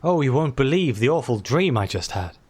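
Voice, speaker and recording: A man voicing a gruff bearded male clan war chief in a fantasy game, speaking low and weary. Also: sing-song, a little fast, a little mellow. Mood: wistful.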